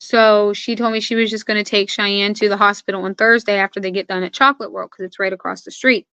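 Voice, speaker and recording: A woman's voice: mid-range voice, fairly even intonation, fast, bright, forceful tone, clear, resonant tone, no room sound. A young adult woman, an interview guest, earnestly recounting personal events and quoting what others said. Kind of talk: personal account in conversation.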